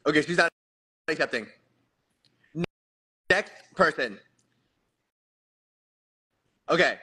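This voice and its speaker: Playful, bright-voiced man hosting a livestream. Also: sits high, lively intonation. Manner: playful, self-mocking, rambling with quick restarts. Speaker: livestream host. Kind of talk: casual livestream chat.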